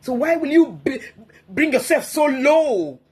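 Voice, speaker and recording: A woman's voice: high voice, expressive, a little slow, darkish tone. A woman, a guest speaker giving emphatic, preachy advice on marriage and often repeating herself for effect.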